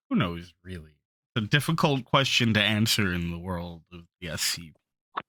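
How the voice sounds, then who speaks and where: A man running a tabletop horror game as game master, recapping the story in a slow, storytelling manner. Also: lowish voice, lively intonation, bright, forceful tone, no echo.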